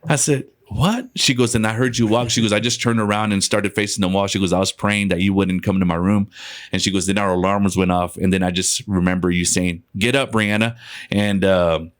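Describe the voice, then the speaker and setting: A man's voice: low-pitched, steady tone, brisk. A man from West Texas, a podcast guest, telling a ghost story in a loose, conversational way, swearing and laughing between lines.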